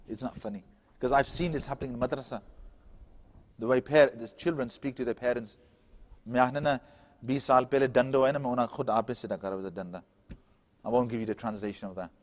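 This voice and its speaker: A man giving an animated holiday sermon as imam in a mosque, mixing Arabic recitation with jokes for the young. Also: fairly high pitch. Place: large mosque prayer hall, indoors. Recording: echoey mosque hall, long reverb.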